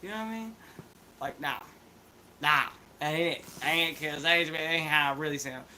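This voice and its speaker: A man's voice: on the high side, moderate pace, pushed and bright, a little hiss or hum, rough recording. A man with an Appalachian accent chatting in a laid-back, rambling, slangy way as a vlog host. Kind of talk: casual chat vlog.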